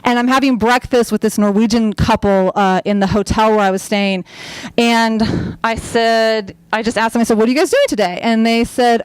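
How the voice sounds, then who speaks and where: A young woman telling a personal story on stage in a chatty, animated way, full of fillers and acted-out quotes. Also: on the high side, moderate pace, clear, resonant tone, no echo, poor audio. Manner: acts out her own quoted lines.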